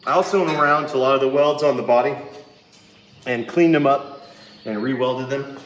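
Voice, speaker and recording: A man's voice: medium pitch, moderate pace, a little hiss or hum. A man hosting a car restoration vlog, walking through his build with wry, self-deprecating jokes. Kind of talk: casual joking walkthrough. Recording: echoey workshop, mic at a distance, faint ambience.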